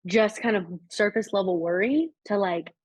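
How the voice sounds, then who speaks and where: A woman speaks at medium pitch and a moderate pace, with a breathy edge to her voice. Co-hosting a podcast, she chats casually about spirituality, rambling with many "likes" and restarts. The recording sounds dry and somewhat dull.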